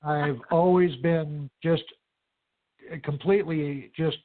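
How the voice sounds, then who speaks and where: A man's voice: a little high, fairly even intonation, slow pace. A man, a paranormal investigator and guest, speaking in a plain, easygoing way in an interview. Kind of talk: casual interview. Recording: tinny phone-like call line.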